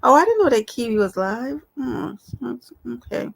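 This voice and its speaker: Chatty, creaky-voiced woman livestreamer. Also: on the high side, sing-song, moderate pace. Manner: chatty, affectionate, talks straight to viewers. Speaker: livestream host. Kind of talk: casual live-stream chat.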